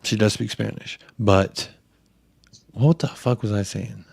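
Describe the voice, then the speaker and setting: A man's voice: lowish voice, fairly even intonation, a little slow, creaky, slightly rough, dry recording, clean studio sound. A young man hosting a podcast, telling stories in crude, profanity-heavy casual chat. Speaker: podcast host.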